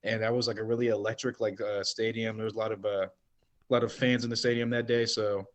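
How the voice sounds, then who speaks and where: A man's voice: fairly low pitch, flat delivery, quick pace. Man rambling through a game story. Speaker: podcast co-host. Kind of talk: casual sports podcast chat.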